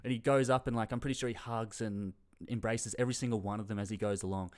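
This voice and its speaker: A man's voice: fairly low pitch, fairly even intonation, fast talker. A young Australian man giving a casual, rambling footy commentary, swearing freely and sometimes losing his train of thought. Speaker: footy tipping vlogger.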